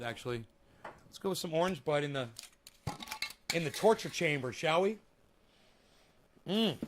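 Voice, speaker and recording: A man vlogging casually, profane and ranting, his voice jumping from shouted insults to low mumbles, and he coughs now and then. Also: normal speed, pauses often. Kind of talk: casual vlog talk.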